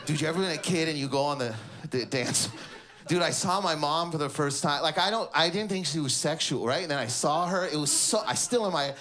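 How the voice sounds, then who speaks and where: A man performing stand-up comedy live, his fairly high voice rising to shouted punchlines. Loud crowd laughter rolls through the room behind him. He talks in bursts and breaks into impressions of his family. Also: animated, fairly quick. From Canada. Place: comedy stage before a live audience.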